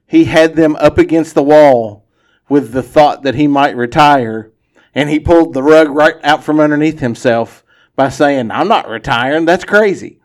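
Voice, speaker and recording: A man's voice: fairly high pitch, measured pace, darkish tone. A man hosting a casual sports podcast, easygoing and opinionated, laughing often. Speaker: podcast host.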